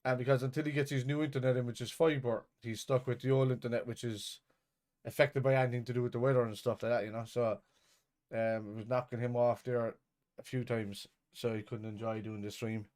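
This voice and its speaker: A man's voice: medium pitch, level tone, fairly quick, darkish tone. Guy streaming a footy watch-along, laid back, mutters at the game, middling voice. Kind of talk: casual live match watch-along chat.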